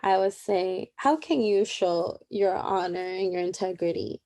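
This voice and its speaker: Young woman doing a relaxed bible study recap, super casual and chatty. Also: mid-range voice, a little slow. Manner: chatty and informal, many fillers and asides. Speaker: Bible reading plan presenter.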